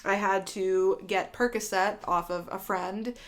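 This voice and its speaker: A woman's voice: medium pitch, steady tone, unhurried. A young woman vlogger telling a candid storytime, rambling and swearing freely with lots of fillers. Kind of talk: storytime vlog.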